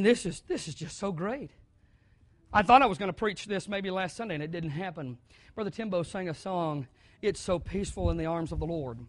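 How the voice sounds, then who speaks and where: In a dry recording, a Southern American man with a voice on the high side delivers a sermon that climbs from calm, conversational talk to full-throated shouting.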